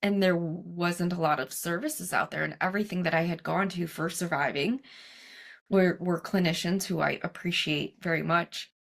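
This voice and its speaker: A woman with a lowish, gravelly voice tells her story in a casual interview. She talks animatedly, sprinkles in "like" and quick asides, and acts out her own past conversations. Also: steady tone, fairly bright tone. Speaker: guest, cancer coach.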